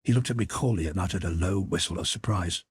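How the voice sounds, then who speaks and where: A male audiobook narrator with a very deep, strongly husky voice. He reads in a measured, even way, close to the mic in a dry, dead room. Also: no room sound.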